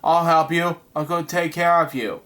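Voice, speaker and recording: A calm village undertaker reassures a stranger, voiced by a man reading in a plain, unacted tone. The voice is high and bright. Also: moderate pace, lightly acted. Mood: reassuring.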